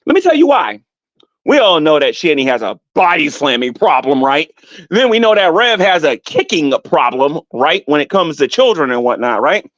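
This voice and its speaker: A man doing a YouTube livestream, ranting at rivals with animated, mocking talk and frequent laughter. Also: a little high, normal speed, no room sound. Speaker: YouTube commentator. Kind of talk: mocking rant to a livestream chat. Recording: dull, dry lo-fi audio.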